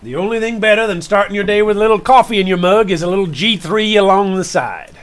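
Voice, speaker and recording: On a game stream, a host slips into character as a rambling old farmer, putting on a rural Southern US drawl for a comic bit. He tells folksy stories with slow, emphatic pauses. His real voice is high-pitched and clean, the acting kept light.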